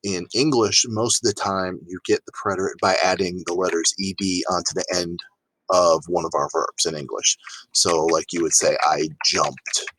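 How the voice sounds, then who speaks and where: A man teaching a grammar lesson in a relaxed, chatty way, talking straight to his students with plenty of fillers. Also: deep voice, moderate pace, no room sound, rough recording. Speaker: Spanish teacher. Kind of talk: informal recorded grammar lesson.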